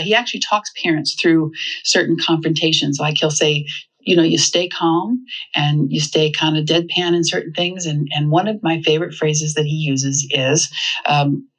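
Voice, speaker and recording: A woman speaking to parents about raising children, lively and humorous, acting out little quoted exchanges. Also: deep voice, poor audio. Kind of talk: talk to parents.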